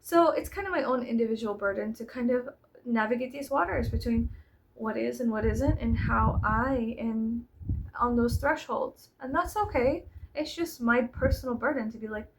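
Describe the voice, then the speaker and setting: A woman's voice: fairly high pitch, moderate pace, poor audio. Blunt, profane woman vlogger. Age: 30s. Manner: blunt and profane, swinging between soft and loud. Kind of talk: casual monologue.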